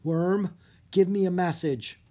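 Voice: medium pitch, slow pace, warm tone, pitched above the performer's own voice. A reader voicing an eager, brave young boy who rides a dragon, earnest and urgent.

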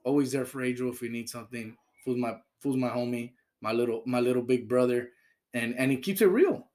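A man's voice: medium pitch, fairly quick, darkish tone. A young man in casual, profane chat, praising his friends with slang and frequent laughs. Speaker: team member talking about teammates.

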